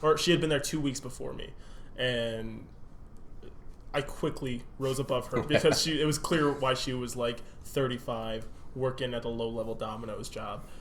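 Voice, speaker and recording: A man's voice: mid-range voice, normal speed, a little hiss or hum. A young man co-hosting a podcast, telling a workplace story in casual chat and laughing through it as he swears freely. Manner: laughs through his stories, lively swearing. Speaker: podcast co-host.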